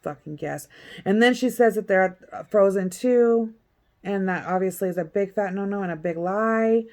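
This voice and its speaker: A woman's voice: mid-range voice, normal speed, a little mellow. A woman vlogger giving a blunt, profane, sarcastic recap in casual chat. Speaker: vlogger recapping a court hearing.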